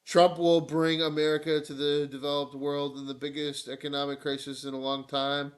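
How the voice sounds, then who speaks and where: A man's voice: a little high, level tone, normal speed. A man live-streaming political commentary, irreverent and mocking, breaking into whiny put-on voices.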